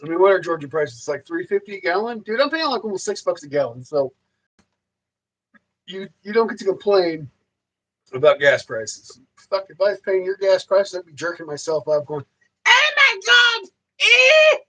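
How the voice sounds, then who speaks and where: A man's voice: sits high, animated, moderate pace, rough recording. A man hosting a casual livestream, ranting loosely and rambling, with heavy swearing and frequent repeats. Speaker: livestream host.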